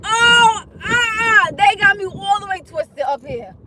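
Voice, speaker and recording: A young woman chatting on a livestream from her car, her voice high and swooping wide between calm talk and startled shrieks. The phone mic picks up loud road noise around her. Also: moderate pace, a faint crowd, low-quality recording. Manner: animated, swears and shrieks in alarm at the road; talks straight to viewers. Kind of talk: casual livestream chat.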